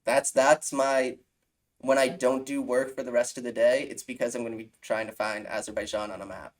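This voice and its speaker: A man's voice: mid-range voice, flat delivery, normal speed. A young man co-hosting a casual betting podcast, laid-back, wry and self-deprecating. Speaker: podcast co-host.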